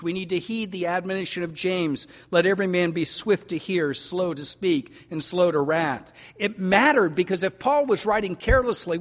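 An older man preaching a sermon as pastor, folksy and animated, stretching out key words for emphasis. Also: sits high. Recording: long reverb of a large hall.

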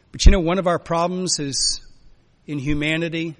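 A man preaching a sermon as a pastor, emphatic, swinging between loud urging and quiet, soft lines. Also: a little high, steady tone, moderate pace. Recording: long hall reverb.

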